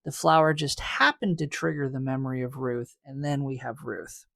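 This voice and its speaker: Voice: medium pitch, moderate pace, vocal fry, fairly bright tone, no echo. Analytical podcast co-host, dry sound. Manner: analytical, lays out theories with hedging. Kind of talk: casual recap chat.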